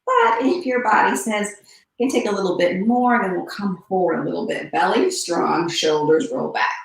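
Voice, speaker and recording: A woman teaching a one-on-one yoga session, cueing poses and breathing with calm, unhurried instruction and soft breathy asides. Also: mid-range voice, distant mic. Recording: echoey room, voice a bit off-mic.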